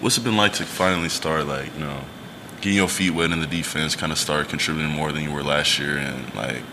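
A man's voice: very deep voice, fairly even intonation, fairly quick, background noise. A young man co-hosting a casual chat, asking laid-back, rambling questions. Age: young adult. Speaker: co-host.

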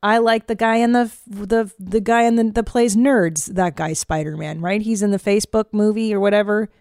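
A woman's voice: medium pitch, fairly even intonation, normal speed, a little mellow, no room sound. A woman stand-up comedian hosting a podcast in a studio booth, chatting casually in a frank, profane, rambling way.

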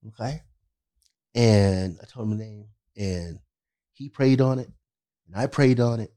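A man's voice: lowish voice, a little slow, warm tone, smooth. Emphatic man telling a story. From California. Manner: emphatic, repeats "okay?" for emphasis. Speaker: podcast co-host. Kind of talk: casual storytelling chat.

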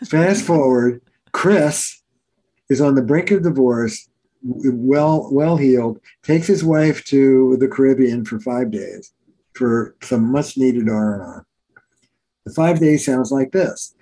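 A man's voice: mid-range voice, measured pace, poor audio. A middle-aged man from New Jersey, a therapist telling stories in a conversational interview. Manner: animated storyteller, acts out quotes. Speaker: therapist and author.

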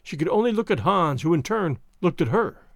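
A man narrating a novel as an expressive, dramatic audiobook reading. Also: high-pitched, fairly quick, creaky, no echo, studio quality.

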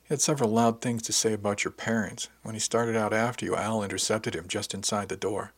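A man's voice: fairly low pitch, fairly even intonation, fairly quick. A man narrating a first-person story in an earnest, intimate way. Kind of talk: audiobook-style story narration.

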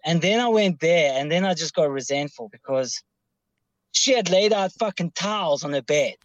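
Young male caller, somewhat high voice, rambles and swears a lot; dry, slightly muffled audio. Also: animated, normal speed, no echo. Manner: rambling, heavy swearing, many restarts. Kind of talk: casual storytelling.

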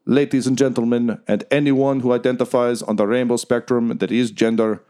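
A man voicing an arena announcer in slow, broken English with a showman's flourish. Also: medium pitch, little pitch movement, warm tone, voice pushed up, lightly acted. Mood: grandiose. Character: showy male arena announcer.

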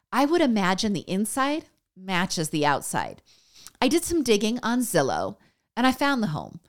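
A woman hosting a podcast, reading a scripted news recap in a chatty way and speaking straight to her listeners. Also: on the high side. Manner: chatty, addresses listeners directly. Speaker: podcast host.

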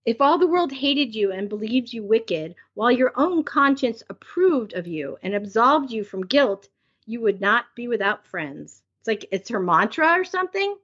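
A middle-aged woman with a husky, fairly high voice talks casually as a podcast co-host, with lots of fillers. The recording sounds dull and lo-fi. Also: very animated, moderate pace, fairly bright tone. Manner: conversational, many fillers. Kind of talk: casual recap chat.

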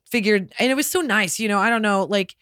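A woman comedian from Nebraska, a podcast guest telling lively stories and laughing often in casual chat. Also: medium pitch, a little fast, dry recording, clean studio sound. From Nebraska, USA.

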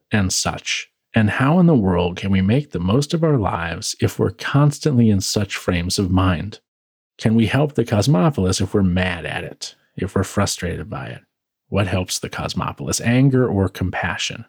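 A man's voice: on the low side, darkish tone, husky, no room sound. A man hosting a podcast, reading his own reflective script with wry, dry asides, tired from working late. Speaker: podcast host. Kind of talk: scripted philosophical monologue.

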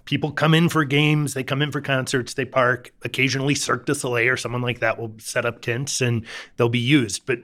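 A male reporter speaking as a guest on a talk show, laying out details in a thoughtful, explanatory manner. His pitch is mid-range, and he sometimes restarts a phrase as he works through a point. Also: fairly even intonation, a little fast, fairly bright tone.

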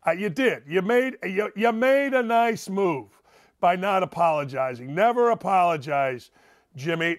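A man's voice: high voice, animated, moderate pace. A man hosting a sports talk show, riffing through a brash, wisecracking monologue. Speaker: sports radio host.

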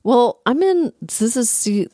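A woman in her thirties from Canada hosting a casual chat, animated, laughing often and swearing freely. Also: on the high side, takes it slowly, no room sound, clean studio sound. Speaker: talk show host.

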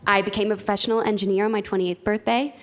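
A woman's voice: mid-range voice, fairly even intonation, fast, a little hiss or hum. A twenty-nine-year-old woman speaking from a live audience, bubbly and boastful, laughing as she talks. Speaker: audience member.

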